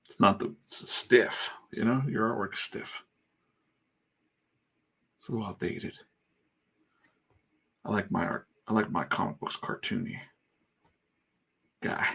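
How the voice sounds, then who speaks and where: A middle-aged man talks in a loose, rambling livestream chat while he works, irreverent and quick to swear. His voice sits low with a gravelly rasp and a husky edge. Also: a bit bright. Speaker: comic artist streaming while inking.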